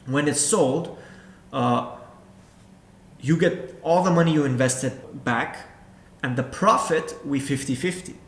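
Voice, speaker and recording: A man's voice: on the high side, slow pace, gravelly, long pauses. A man coaching beginners as a real estate investor, talking straight to the viewer and repeating his points. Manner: direct, repetitive, addresses viewer as you. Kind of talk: instructional talk to camera. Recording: echoey room with faint background ambience.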